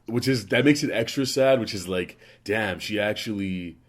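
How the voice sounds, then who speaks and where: A man's voice: on the low side, moderate pace. Rambling, jokey podcast host man. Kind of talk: casual podcast banter.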